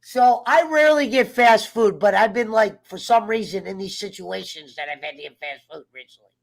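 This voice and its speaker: A man's voice: sits high, moderate pace, gravelly, low-quality recording. A man chatting casually on a podcast, telling stories with lots of swearing. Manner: swears freely, tells stories animatedly. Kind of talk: casual chat.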